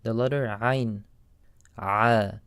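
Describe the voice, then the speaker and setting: Male Quran teacher for a recorded lesson, slow and even delivery, smooth clear voice, dry close sound. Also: medium pitch, no room sound. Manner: slow, careful, demonstrates Arabic sounds.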